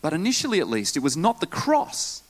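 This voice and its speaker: Male pastor, animated Sunday sermon, jokey asides. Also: a little high, brisk. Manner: lively preaching with asides and jokes.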